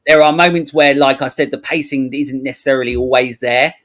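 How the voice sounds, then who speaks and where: A man's voice: medium pitch, fairly even intonation, a little fast, a bit bright. A man talking as a podcast guest in a casual chat, rambling and repeating filler phrases.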